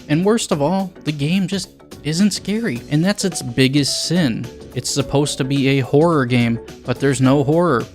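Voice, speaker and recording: A young man reviewing a video game, blunt and sarcastic with crude jokes. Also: medium pitch.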